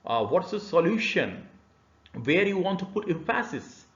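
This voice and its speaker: Man, e-learning lecture, halting delivery full of fillers, echoey room, a bit muffled. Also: sits high, sing-song. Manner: hesitant, many "uh" fillers, explanatory. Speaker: university lecturer. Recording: roomy, slightly dull lecture recording.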